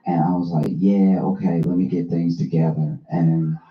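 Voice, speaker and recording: Deep-voiced man telling a deadpan story. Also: normal speed, noisy background. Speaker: host. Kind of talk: comic storytelling. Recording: roomy, slightly dull recording.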